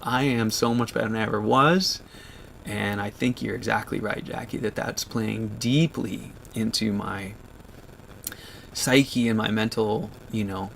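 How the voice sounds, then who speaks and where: A man in his thirties talking to viewers on a livestream, choked up and halting, with many restarts. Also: on the low side, fairly even intonation, creaky, fairly bright tone, a little hiss or hum. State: choked up, near tears. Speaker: vlogger on a livestream. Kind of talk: emotional livestream chat.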